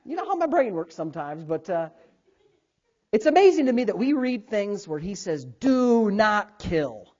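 Animated male preacher, lively pitch. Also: moderate pace. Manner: animated preaching, acts out God's voice and calls for responses. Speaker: pastor. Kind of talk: sermon. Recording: dull lo-fi sound.

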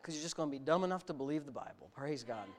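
A middle-aged man preaching a sermon, animated and sarcastic, rising to near-shouts. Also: fairly high pitch, very fast. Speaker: pastor.

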